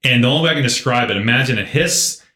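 Bright-voiced animated man storytelling. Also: mid-range voice, quick pace. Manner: animated storyteller, many "like" fillers. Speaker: podcast co-host. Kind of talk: casual storytelling chat. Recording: roomy echo.

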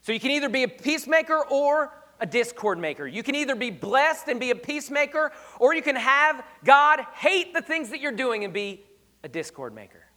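High bright-voiced pastor preaching. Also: male voice, big pitch swings, brisk. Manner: emphatic, conversational, rhetorical questions. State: slightly hoarse. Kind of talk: sermon.

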